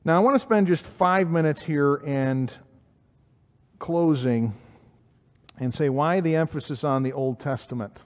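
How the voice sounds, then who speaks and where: A man's voice: fairly high pitch, measured pace, long pauses, big-room sound. A man preaching a sermon, reading scripture aloud and putting questions to his listeners. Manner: reads scripture aloud in King James wording, asks questions of listeners.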